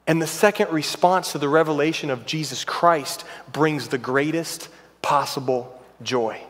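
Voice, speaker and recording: A pastor preaching a sermon in a church, earnest and emphatic, building intensity on repeated phrases. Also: male voice, a little high, measured pace, fairly bright tone. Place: church sanctuary. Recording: long reverb of a large church hall.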